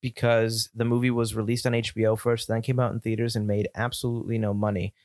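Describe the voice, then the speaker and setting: A man's voice: lowish voice, level tone, quick pace, a little mellow, no room sound, clean studio sound. A man from upstate New York co-hosting a casual podcast, talking through a film in a blunt, opinionated, jokey way. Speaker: podcast co-host. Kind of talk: casual movie discussion.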